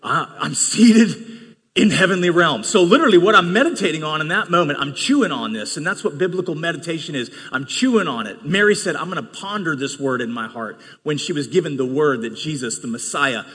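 A male pastor preaching an energetic sermon to his congregation, swinging between loud bursts and quieter teaching. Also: a little high, fast talker, hardly any pauses, husky. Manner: animated preaching with bursts of shouting. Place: church sanctuary. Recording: long reverb of a large hall.

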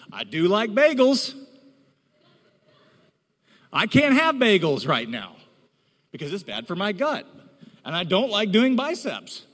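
A man preaching a sermon as a pastor, animated and rising to emphatic exhortation. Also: fairly high pitch. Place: church hall. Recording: reverberant hall.

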